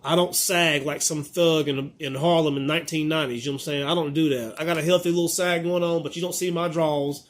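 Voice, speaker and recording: A man's voice: fairly high pitch, steady tone, fast, few pauses. A man in his thirties telling a story to his viewers in a casual, exasperated way, acting out both sides of the conversation. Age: 30s. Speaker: vlogger.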